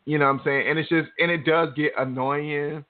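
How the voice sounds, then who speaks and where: A man's voice: on the high side, steady tone, fairly quick. Candid rambling man on a phone line. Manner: laid-back, rambling, candid with profanity. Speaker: podcast co-host. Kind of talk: casual podcast chat.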